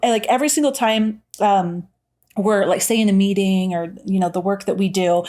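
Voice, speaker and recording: A chatty woman co-hosting a podcast in an easygoing, conversational tone. Her voice sits at an ordinary middle pitch, and she laughs often as she talks. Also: normal speed, a little mellow. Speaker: podcast co-host. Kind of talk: casual chat.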